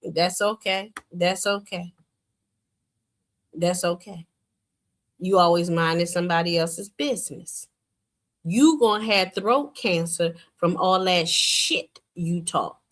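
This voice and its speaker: A woman's voice: lowish voice, a little slow, fairly bright tone. A woman hosting a livestream, arguing with a guest in a sassy, dismissive, mocking way. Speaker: livestream show host. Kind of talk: heated livestream debate.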